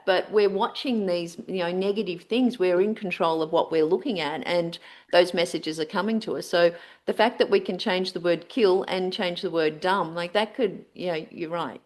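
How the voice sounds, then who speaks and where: A woman hosting an interview, responding enthusiastically and thinking aloud. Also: on the low side. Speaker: host. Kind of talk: casual interview chat.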